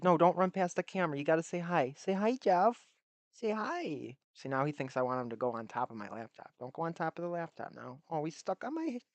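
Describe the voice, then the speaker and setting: A man's voice: a little high, no echo. A man hosting his own livestream, chatting loosely and rambling with a self-deprecating streak. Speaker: livestream host. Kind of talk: casual livestream commentary.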